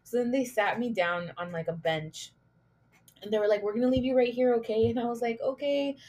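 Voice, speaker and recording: A woman's voice: a little high, fairly quick, a little mellow. A young woman hosting her own podcast, rambling through a casual story with lots of filler words and swearing. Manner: rambling, heavy use of "like", swearing, laughing at herself. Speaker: podcast host.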